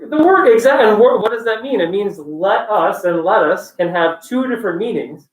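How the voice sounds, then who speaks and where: A man teaching a class in a casual, animated way, mixing stories into the lecture. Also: sits high, brisk. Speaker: instructor. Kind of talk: lecture with storytelling. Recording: roomy room, far from the mic.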